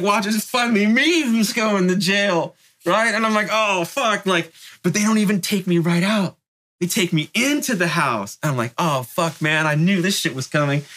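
A man's voice: fairly high pitch, sharp tone. A middle-aged man from Northern California, an interview guest telling a long casual story in profane street slang, peppered with "like" and "right?". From North Bay, California.

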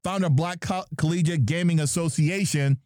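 A man's voice: a little high, a little fast, darkish tone, dry recording, studio quality. A man from New Jersey hosting a podcast, joking and playful as he introduces his guests. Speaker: podcast host. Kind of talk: lively podcast chat.

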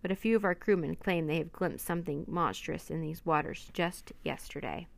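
A woman's voice: low-pitched, normal speed, vocal fry. A woman voicing a polite, friendly male scientist who speaks formally.

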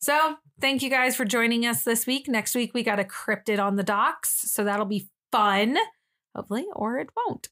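A woman's voice: a little high, normal speed, a bit bright. A young woman co-hosting a podcast, telling a funny story in casual chat, acting out quotes and swearing now and then. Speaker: podcast co-host.

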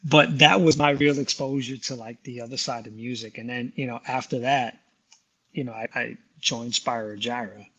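Brief: male musician recounting his career in an interview, loose and rambling, laughing now and then, with a husky edge to his voice. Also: medium pitch, steady tone, moderate pace, a bit bright. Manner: rambling, many "you know" fillers, laughs often. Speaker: guest musician. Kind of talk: casual interview storytelling.

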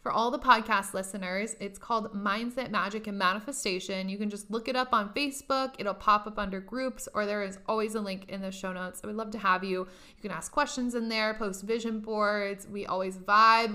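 A woman's voice: mid-range voice, steady tone, moderate pace, few pauses, bright, forceful tone. A young woman hosting a podcast, giving a casual motivational talk, emphatic and profane, often laughing. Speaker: podcast host.

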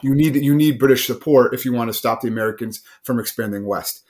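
Fast-talking man explaining history. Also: mid-range voice, darkish tone. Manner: quick, conversational, with filler words. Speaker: history podcast co-host. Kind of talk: casual explanatory chat.

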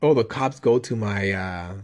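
A man's voice: on the low side, moderate pace, darkish tone, highs cut off. A young man telling a rambling, profane story in casual chat.

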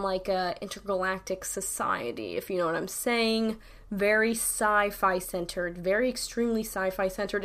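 Speaking with a New York accent in a mid-range voice, a young adult woman from the city rambles casually to her YouTube camera. Slang runs throughout, along with plenty of "like" and "literally."

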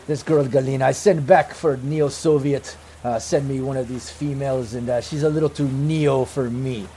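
A man narrating a tabletop game as game master, animated and laughing often. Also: medium pitch, a little fast, few pauses, slight background noise, rough recording.

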